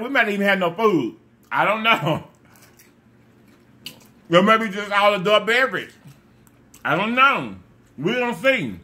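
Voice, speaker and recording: A mukbang vlogger chats casually with his viewers while eating, effusive and repetitive, repeating phrases and sometimes talking with his mouth full. His voice sits high with a sharp tone.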